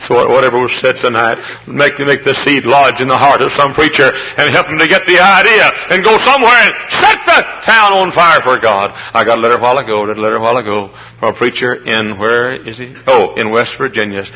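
A man preaching a sermon to a congregation, building from plain talk up to high, emotional cries. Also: a little fast, few pauses, poor audio. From Midwestern United States. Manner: emotional, rises to high pitched shouts. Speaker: traveling preacher.

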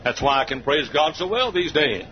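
A man in his sixties preaching a sermon in church. He tells folksy stories and swells into fervent near-shouting. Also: a little high, sing-song, normal speed, slight background noise. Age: 60s. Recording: dull lo-fi sermon recording.

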